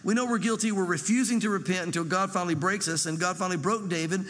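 Male pastor, high voice, earnest sermon, long hall reverb. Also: fast talker, a bit bright. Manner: earnest preaching, acts out the prayers he quotes.

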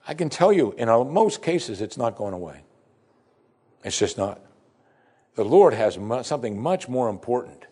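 A man preaching a sermon, animated, swinging between loud emphasis and soft, quiet asides. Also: fairly low pitch, normal speed.

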